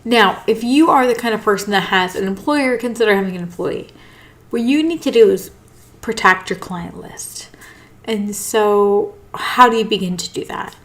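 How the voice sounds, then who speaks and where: A woman's voice: medium pitch, animated, normal speed. Tired, yawning woman host; casual, rambling, apologetic delivery. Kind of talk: casual live talk.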